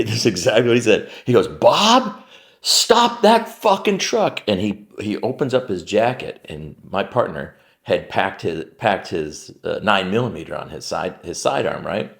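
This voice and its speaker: A man's voice: low-pitched, animated, brisk, gravelly. A man who owns a warehouse business, telling a story to camera in a casual way, full of "like" and "right?" and free swearing.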